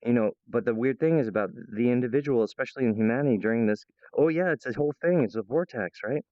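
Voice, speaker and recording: A man's voice: medium pitch, fast talker, no room sound, highs cut off. A man vlogging at home in a meandering, playful monologue full of restarts, stray thoughts and silly voices. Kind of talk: rambling casual monologue to camera. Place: at home, in the kitchen.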